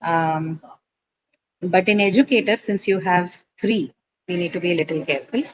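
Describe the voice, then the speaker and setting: A woman's voice: fairly low pitch, normal speed, highs cut off, a crowd in the background. A woman teaching English word stress in a classroom lecture, explaining patiently, asking students questions and often checking with "right?".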